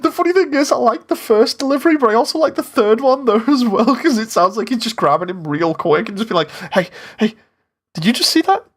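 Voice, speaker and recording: A man's voice: extremely high pitch, expressive, fast, hardly any pauses. Chatty giggly man reacting to voice clips. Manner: giggly, chatty, laughs often. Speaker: animator and streamer. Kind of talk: casual commentary reviewing voice takes.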